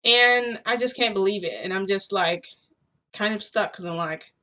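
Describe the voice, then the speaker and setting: A woman's voice: mid-range voice, moderate pace, sharp tone. A young adult woman telling a story in a casual, rambling, filler-heavy way.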